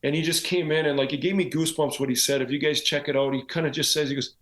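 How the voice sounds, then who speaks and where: A man's voice: fairly high pitch, fast, hardly any pauses, reverberant. A man, a former pro hockey player turned coach, telling stories in a casual podcast conversation, often adding "like" and "right?". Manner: animated storyteller, frequent "like" and "right?".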